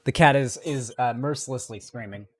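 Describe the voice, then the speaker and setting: Young male streamer, mid pitch, profane sarcastic banter, home desk mic. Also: normal speed, breathy edge. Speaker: live streamer. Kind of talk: late night stream commentary.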